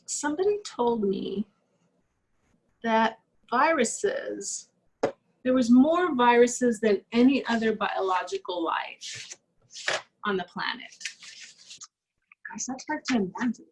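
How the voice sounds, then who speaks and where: A woman's voice: a little high, slow pace, long pauses, background noise. Musing woman art instructor drawing. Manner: relaxed, musing, thinks aloud with fillers. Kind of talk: casual talk while drawing.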